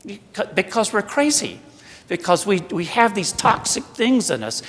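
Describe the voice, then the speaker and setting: At a church retreat, a priest with a Southern American accent delivers a conversational sermon, humorous and self-deprecating. His voice sits high and is a bit bright, with a sing-song lilt at a moderate pace, and a long church hall reverb surrounds it.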